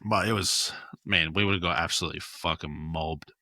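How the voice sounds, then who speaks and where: A man's voice: low-pitched, fairly even intonation, moderate pace, sharp tone, dry recording. Rambling Australian man telling stories. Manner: rambling, lots of fillers and swearing. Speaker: podcast guest, graffiti artist. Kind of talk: casual storytelling chat.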